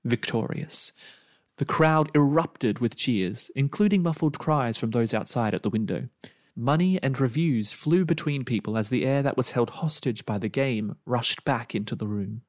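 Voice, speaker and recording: A man's voice: mid-range voice, moderate pace, no echo, studio quality. A man narrating a story he wrote, reading expressively with dramatic emphasis.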